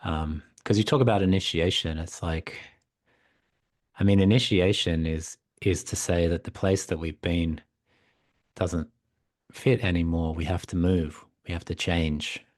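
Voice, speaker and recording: A man, a psychotherapist and mythologist, retelling a fairy tale in conversation, reflective and animated. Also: low voice, measured pace, dry recording, clean studio sound. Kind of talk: conversational storytelling.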